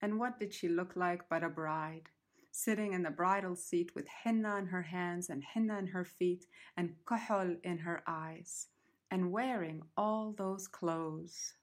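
A woman telling a folk tale in an unhurried, repetitive way, sometimes calling her listener darling. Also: on the low side. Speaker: storyteller.

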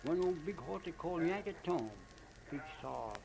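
An older man with a Southern US accent, talking in a rambling, repetitive, halting way as he recounts his memories for an oral history. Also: fairly high pitch, expressive, creaky, a crowd in the background. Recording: noisy old archival recording.

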